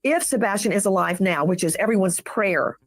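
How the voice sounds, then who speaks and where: Woman TV interviewer, brisk and direct, middle pitch, dry close sound. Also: expressive, dry recording, faint music behind. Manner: crisp, direct questioning.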